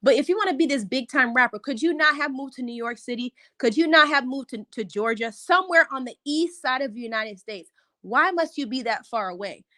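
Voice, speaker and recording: A woman, herself a mother, giving a casual, opinionated recap of a reality show into a close microphone, with sudden excited jumps in pitch. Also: brisk. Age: adult, a mother. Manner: chatty, opinionated, animated rises in pitch.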